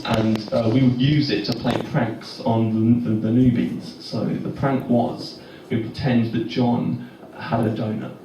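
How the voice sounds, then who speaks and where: A young Englishman tells a meandering stand-up story, stopping and restarting with awkward, deadpan asides. His voice sits at an ordinary middle pitch. He is heard from across a very echoey live room, with noise running underneath. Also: far from the mic. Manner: rambling, self-interrupting, awkward deadpan. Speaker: stand-up comedian. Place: comedy club stage with audience laughing.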